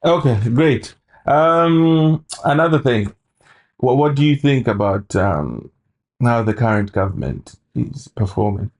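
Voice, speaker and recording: A man hosting an interview, asking halting questions and giving short acknowledgements. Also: medium pitch, animated, darkish tone. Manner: brief backchannel, halting questions. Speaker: interview host.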